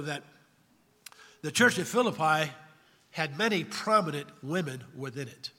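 A male pastor delivers a sermon in a fairly high, bright, forceful voice. He is emphatic and keeps turning questions back to the congregation. A long reverb from the church hall trails his words.

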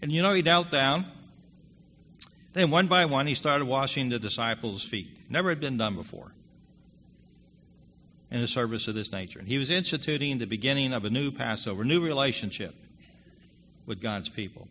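A man preaching a sermon, earnest and conversational, growing louder when he reads scripture aloud. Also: mid-range voice, normal speed, long pauses. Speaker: pastor. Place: church hall. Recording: long hall reverb with faint room noise.

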